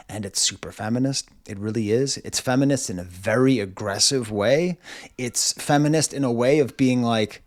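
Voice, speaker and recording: Speaking at normal speed in a slightly mellow, mid-range voice, a forties-aged man reviews an album for a casual video from his home. As a music reviewer, he wanders, cuts himself off, restarts ideas often and leans heavily on "like."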